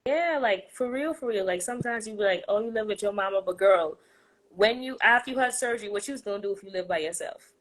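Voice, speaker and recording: A woman's voice: mid-range voice, lively intonation, fast, a bit bright, low-quality recording. A woman hosting a podcast, chatting playfully about faith and laughing often. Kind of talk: casual faith chat.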